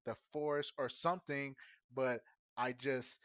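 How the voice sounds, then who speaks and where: Slow earnest guy playing dnd, kinda emotional, stops and starts, dry close sound. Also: mid-range voice, level tone, fairly bright tone, no room sound. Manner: earnest, emotional, halting with fillers. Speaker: player. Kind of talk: casual tabletop role-play.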